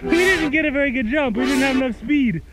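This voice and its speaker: A man filming a family vlog outdoors on a snowy hill, whooping excitedly while sledding and a bit out of breath. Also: very high voice, fast, loud music behind the voice. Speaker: vlogger dad.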